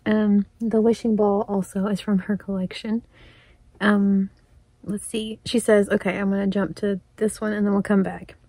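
A woman chatting casually and excitedly as she opens mail, often laughing and thanking the sender. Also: mid-range voice, normal speed, no echo. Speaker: crafting vlogger. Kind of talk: casual unboxing chat.

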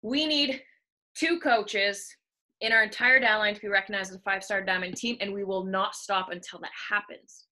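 A woman's voice: medium pitch, steady tone, moderate pace, bright, forceful tone. A woman leading a motivational team call, hyped and cheering her team on, swearing freely, from a room at home. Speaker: team leader of a coaching team. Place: room at home with the window open.

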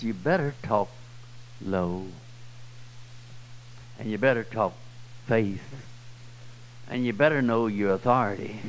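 A man with a Southern US accent preaching a sermon, swinging from loud, high cries to low, quiet passages. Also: a little hiss or hum, low-quality recording. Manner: swells loud and high then drops low and soft. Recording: old 1990s church tape.

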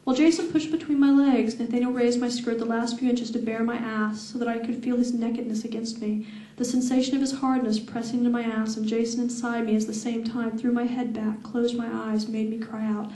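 A woman's voice: on the high side, a little fast, far from the mic. Woman reading aloud in an echoey room. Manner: steady reading with laughing asides to the audience. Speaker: author reading her novel. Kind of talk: live book reading. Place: event room with audience.

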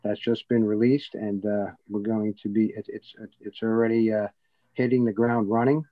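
A man's voice: lowish voice, flat delivery, moderate pace, no room sound. A man talking in a casual interview, rambling with many fillers and restarts, a little out of breath. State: slightly out of breath. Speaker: guest, entertainment producer. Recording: dull, dry lo-fi audio.

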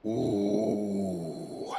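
A man's voice: lowish voice, little pitch movement, very slow, creaky, background noise. A man streaming a game live, commenting casually as he plays and grumbling and swearing when things go wrong.

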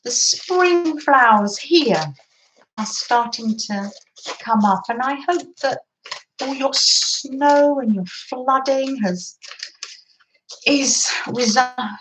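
A woman's voice: fairly high pitch, slow, long pauses, fairly bright tone, slight background noise, poor audio. A woman chatting through a craft session at her desk, gushing over papers and cooing about how lovely everything is. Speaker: craft vlogger. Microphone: camera on desk.

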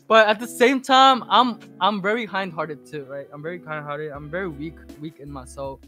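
A man's voice: fairly high pitch, normal speed, music in the background. A man being interviewed as a podcast guest, telling a casual story full of swearing and restarts. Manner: rambling, heavy swearing, animated retelling.

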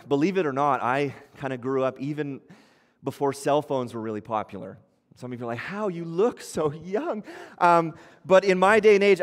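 A pastor with a mid-range voice delivers a sermon in a church hall, and the recording carries long hall reverb. His preaching is conversational, and he acts out quotes as he goes.

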